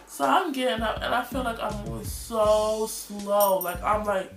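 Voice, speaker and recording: A woman in her twenties from New York, telling a storytime vlog story in an animated, slangy way and acting out scenes. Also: a little high, measured pace, far from the mic. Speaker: vlogger. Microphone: phone or tablet camera. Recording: roomy, off-mic, faint music.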